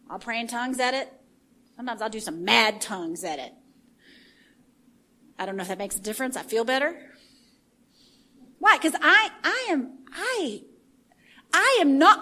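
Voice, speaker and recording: A woman preaching a sermon in an animated way, swinging from hushed asides to shouting. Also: high-pitched.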